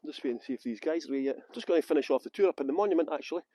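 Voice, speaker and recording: A man's voice: fairly high pitch, expressive, very fast, dark tone, dry recording. A Scottish man giving a live walking tour of outdoor gardens, joking and teasing his viewers while filming on a handheld phone. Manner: joking, facetious banter with viewers. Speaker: tour guide.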